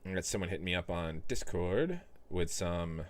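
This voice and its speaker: A man's voice: deep voice, expressive, moderate pace. A young man hosting a casual livestream, reading out viewer comments and joking with his chat. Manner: joking, loose, talks to chat by name. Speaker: livestream host.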